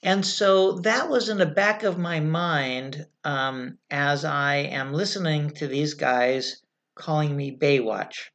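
A woman's voice: deep voice, takes it slowly. A middle-aged woman from California, a former fire officer, telling candid stories in an interview, frank and blunt with some swearing. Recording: slightly muffled lo-fi recording.

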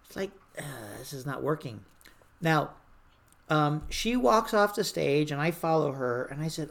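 An older storyteller recounting an emergency-response experience in a mid-pitched voice. The delivery is animated and conversational, jumping into quoted voices that rise loud and commanding. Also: measured pace, gravelly. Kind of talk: personal storytelling.

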